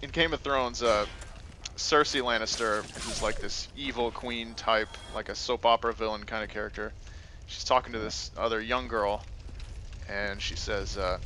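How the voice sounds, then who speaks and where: A man's voice: lowish voice, fairly even intonation, moderate pace, pushed and bright, slight background noise. A man co-hosting a gaming video, telling rambling stories with lots of uhs and restarts. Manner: rambling storyteller, many fillers and restarts. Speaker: co-host of a gaming let's play. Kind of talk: casual gaming chat.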